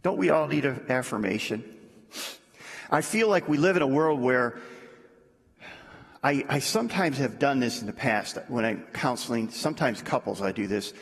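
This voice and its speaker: A man preaching a sermon in a conversational way, dropping low and soft to make his points. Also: animated, moderate pace, creaky, pauses often. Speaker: pastor. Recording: echoey hall.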